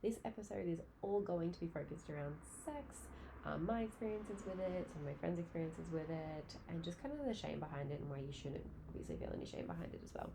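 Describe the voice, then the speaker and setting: A woman's voice: on the low side, animated, quick pace, vocal fry, background noise. A woman in her late twenties hosting a casual solo podcast, telling stories in a chatty way and swearing freely. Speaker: podcast host.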